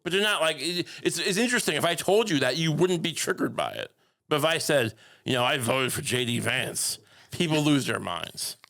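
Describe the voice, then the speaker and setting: Male podcast host, bright forceful tone, deadpan absurd rambler. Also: a little high, a little fast, gravelly. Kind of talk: casual comedic podcast banter.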